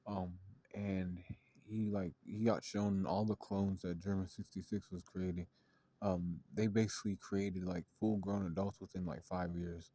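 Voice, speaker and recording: A man's voice: deep voice, flat delivery, unhurried, dark tone, dry recording. A man casually retelling a story in a rambling way, full of fillers and swearing. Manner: rambling, filler-heavy and profane.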